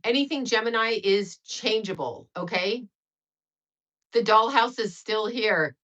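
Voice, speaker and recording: An outspoken woman in her fifties chats on her livestream, and her bright, sharp-edged voice runs loosely from story to story. She swears without a pause and laughs at her own bluntness. The sound is a little dull and lo-fi. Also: on the high side. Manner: blunt, profane, laughing, rambling. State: sweating. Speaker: livestream host and astrologer. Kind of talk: casual livestream chat.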